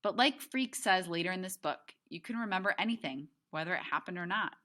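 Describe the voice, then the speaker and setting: Woman teacher, read-aloud to class, bright lowish voice, chatty asides. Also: animated, a little fast. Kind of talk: reading a novel aloud to a class.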